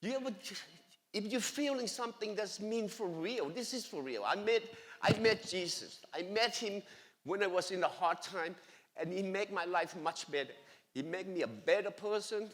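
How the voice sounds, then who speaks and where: Excited high-voiced man giving a church testimony. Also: normal speed. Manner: excited and emphatic, with broken grammar. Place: church sanctuary. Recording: long echoey church hall reverb.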